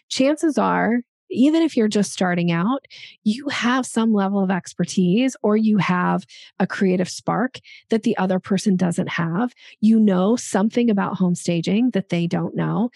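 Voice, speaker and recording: A woman's voice: mid-range voice, gravelly, darkish tone, no room sound, studio quality. A woman sales coach giving emphatic conversational advice on an interview, acting out examples of tone.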